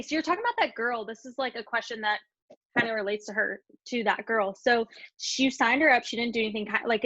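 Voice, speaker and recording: Woman, a bit high-pitched, hesitant question, video call, dull dry audio. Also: a bit bright, no echo. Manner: hesitant, restarting, filler-heavy. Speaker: team member asking a question. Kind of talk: casual video call chat.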